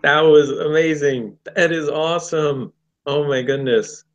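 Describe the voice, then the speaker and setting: A man hosting a casual livestream, upbeat and pausing with "um"s as he reads out names. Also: fairly high pitch, steady tone, dull audio. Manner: upbeat, with many "um"s while listing names. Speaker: livestream host. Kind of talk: casual livestream chat, shout-outs.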